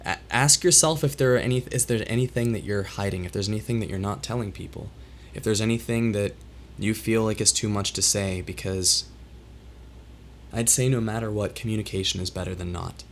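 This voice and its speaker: A man hosts a solo livestream and talks straight to his chat. His voice is worn and strained, still recovering after he lost it, and it carries emotion. He speaks haltingly and reflectively, often stopping to restart his sentences. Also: fairly low pitch, a little hiss or hum. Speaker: livestream host.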